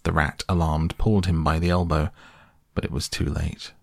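A man narrating a storybook reading in a measured, expressive way. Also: rumbling low, creaky, no room sound, studio quality.

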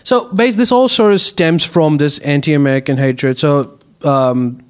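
A man's voice: fairly high pitch, a little slow, smooth. A man on a comedy podcast, explaining things at length in casual chat with frequent restarts and fillers. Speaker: podcast co-host.

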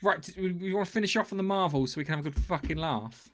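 Animated English man, casual podcast chat. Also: high-pitched, fast. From England. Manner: swears freely, animated and joking. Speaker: podcast co-host.

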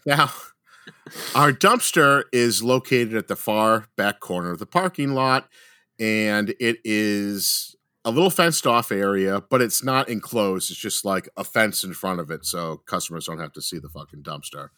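A young adult man telling a story in casual, animated chat, swearing heavily and acting out what people said. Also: lowish voice, measured pace. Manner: animated, heavy swearing, acts out quotes. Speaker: podcast co-host telling a story.

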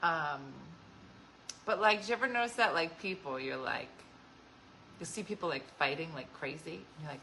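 A woman's voice: low voice, lively intonation, moderate pace, gravelly, noisy background. A woman hosting a casual chat show, talking with viewers, laughing often and acting out what people said. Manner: chatty, laughs often, acts out quoted voices. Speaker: host.

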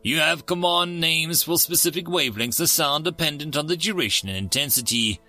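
A man's voice: on the high side, lively intonation, a little fast, sharp tone, soft background music, pitched above the performer's own voice. A man doing a curious, careful alien fellow. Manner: careful, formal phrasing. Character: curious, polite male alien with appendages.

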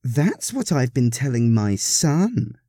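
A man's voice: mid-range voice, very animated, a little slow, warm tone, no room sound, studio quality, pitched above the performer's own voice. A man voicing a fussy, sly churchwoman in a storybook reading, lifting his voice well above his own. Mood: sly, prim.

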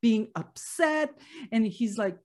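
A woman's voice: on the high side, lively intonation, slow pace. A middle-aged woman telling a personal story in a casual, chatty way, laughing now and then between lots of fillers.

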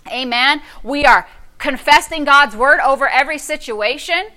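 A high-voiced middle-aged woman pastor preaches at a normal pace, telling a story. She is sassy and animated, and her volume ranges from hushed to loud.

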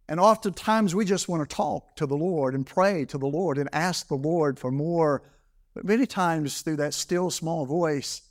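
Guy preaching a sermon in church, fairly high voice, says things over and over for emphasis. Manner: reads scripture slowly in old English. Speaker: pastor. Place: church service.

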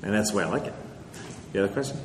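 A man's voice: fairly low pitch, animated, very fast. A male author answering audience questions in a conversational, lecturing way, often checking in with "okay?". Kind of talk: live Q&A talk. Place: large hall with audience. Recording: echoey hall, faint noise.

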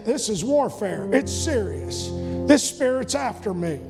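A man's voice: high-pitched, very animated, measured pace, vocal fry. A man preaching a fervent sermon as pastor in a church, repeating his phrases and breaking into snippets of hymns. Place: church sanctuary. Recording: long church reverb with faint music.

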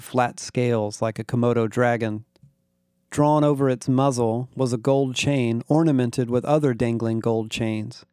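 A man narrating a first-person science fiction story in a wry, measured way. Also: medium pitch, warm tone, dry recording, studio quality.

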